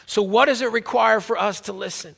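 High-voiced preacher man in an echoing hall. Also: a little fast, vocal fry, a bit bright. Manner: storytelling, acting out quoted dialogue. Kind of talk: sermon with personal testimony.

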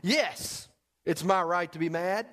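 A man's voice: very high-pitched, huge pitch swings, fairly quick, a bit bright, in a large hall, pitched above the performer's own voice, exaggerated voice. A man voicing a sulking, angry male prophet who complains in whiny, indignant outbursts.

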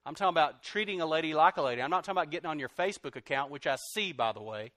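Animated man preaching a sermon. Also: a little high, rapid-fire, no echo. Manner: animated, swings from loud outbursts to soft confessional tones. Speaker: pastor.

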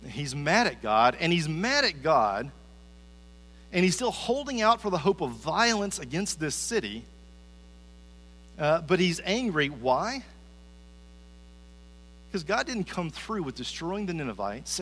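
A man's voice: on the high side, sing-song, unhurried, pauses often, fairly bright tone. A man giving a conversational sermon as a pastor, often repeating his first word as he starts a sentence. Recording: reverberant hall with faint mains hum.

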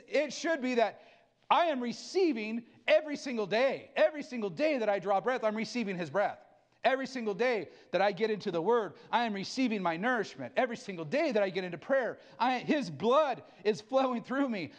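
A middle-aged male pastor preaching a fervent sermon, with sudden drops into quiet asides. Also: high voice.

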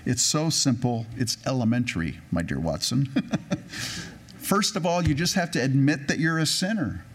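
A man preaching a sermon in a casual, conversational way. He mixes everyday stories with scripture, and he slows down deliberately whenever he reads a verse aloud. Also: a little high, expressive. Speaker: pastor.

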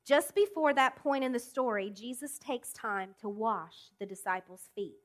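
A woman preaching a sermon in a fairly high voice. She leans on key words with deliberate pauses and throws direct questions at the listeners. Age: adult. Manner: emphatic, with deliberate pauses and rising appeals.

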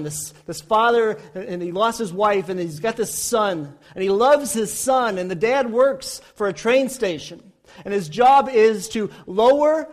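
A man in his forties preaching a sermon, telling stories with impassioned rises and quiet falls. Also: high-pitched. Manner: impassioned storytelling, rising and falling intensity. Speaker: pastor.

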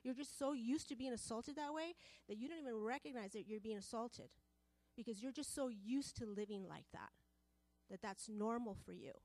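A woman's voice: fairly high pitch, normal speed, a little mellow, no echo. A woman preaching a sermon to a women's group, passionate and repetitive, building in volume as she presses her points.

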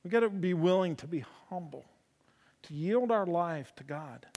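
A man preaching a sermon, spinning folksy stories with humor in a slightly high voice. He swings from loud emphasis down to soft, low lines. A long reverb trails his words as in a church hall. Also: expressive, normal speed. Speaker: preacher in a horse ministry.

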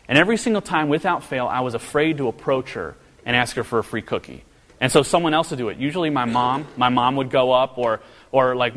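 Casting: male pastor preaching, mid-range voice, long hall reverb. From American Midwest. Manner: earnest, storytelling with humor, pitch rising when animated. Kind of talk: sermon.

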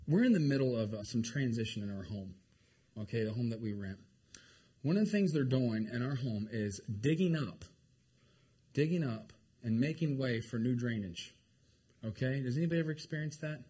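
A male pastor preaching with emphatic, repetitive delivery, swinging from forceful loud phrases down to hushed ones. His voice sits at an ordinary middle pitch. He keeps checking in with the congregation as he goes. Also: expressive, moderate pace, slight background noise. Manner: emphatic preaching, repeats lines and asks the congregation if they are hearing him. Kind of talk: sermon.

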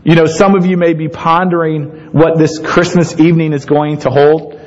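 A man preaching a sermon in a conversational, animated way, with asides to the congregation. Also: fairly high pitch, normal speed, dull audio. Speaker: pastor.

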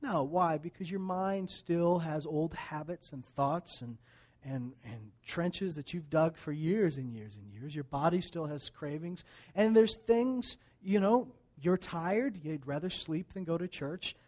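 A male pastor preaching with a notably high voice. He moves between loud, driving emphasis and soft, hushed asides. He tells stories and pushes points home directly to his listeners. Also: animated, measured pace. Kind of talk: sermon.

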